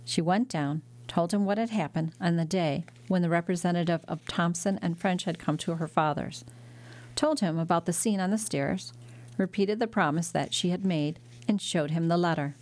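A woman narrating a classic novel as an audiobook, in a measured, steady reading. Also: fairly low pitch. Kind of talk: scripted narration.

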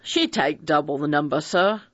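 Reader voicing a boatman, Devon accent, soft, persuasive, slightly off-mic, audiobook. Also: medium pitch, normal speed, no echo, muffled recording, lightly acted. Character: weather-beaten man boatman, soft-spoken and persuasive.

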